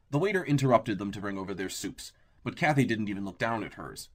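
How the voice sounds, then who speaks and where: A man narrates an audiobook with a steady, even storytelling manner. His pitch is fairly low and he talks fast.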